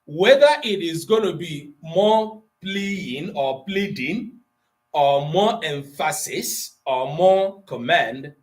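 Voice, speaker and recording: A man's voice: a little high, expressive. A man with an Igbo accent teaching an Igbo language class, explaining patiently and asking his students questions. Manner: explains slowly, switching between Igbo and English, quizzing students.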